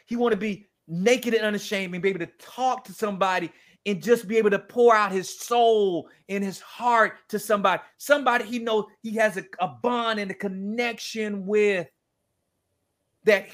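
A man speaking as a guest, telling a story in a lively, preacher-like way and acting out the quoted dialogue. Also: sits high, moderate pace. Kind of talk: animated storytelling talk.

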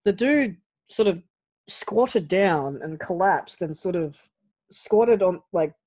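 A man being interviewed as a guest, telling stories in a lively way and often restarting his sentences. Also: high voice, takes it slowly, dry recording. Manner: animated anecdote-telling with frequent restarts. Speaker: guest, actor and pro wrestler. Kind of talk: casual interview storytelling.

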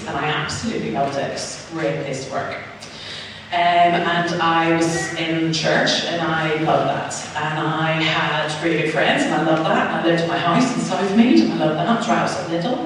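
In a church hall, a Northern Irish woman in her thirties gives a chatty, self-mocking personal testimony, acting out both sides of her conversations. Her voice is lowish, and the recording is noisy, echoey and captured from far off.

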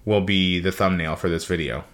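Male podcast co-host, very deep voice, dry humor, announcer-style enunciation. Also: steady tone, normal speed, a bit bright. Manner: dry joking, slips into a radio-host announcer delivery. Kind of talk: casual chat.

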